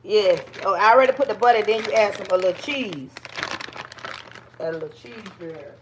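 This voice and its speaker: A woman's voice: mid-range voice, a little fast, background noise. A woman with a Southern US accent chatting casually with her viewers on a livestream while she cooks. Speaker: livestream host.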